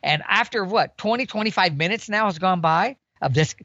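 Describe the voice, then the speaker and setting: A man in his sixties, a guest on a podcast, telling an animated story about the outdoors, sometimes imitating animal calls. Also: high-pitched, normal speed, no echo, dull audio. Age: 60s. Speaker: guest elk hunter.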